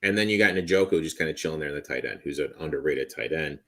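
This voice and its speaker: A man's voice: rumbling low, fast, bright, forceful tone. A man co-hosting a sports betting show, confidently breaking down football teams and wagers in casual chat. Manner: confident, rattles off player names.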